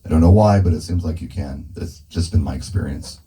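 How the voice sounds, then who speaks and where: A man's voice: rumbling low, fairly quick, dark tone, rough recording. A man testing a microphone through a speaker indoors, thinking aloud casually as he adjusts the settings. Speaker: mobile DJ testing gear. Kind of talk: casual demo talk. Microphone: handheld dynamic mic through a PA speaker.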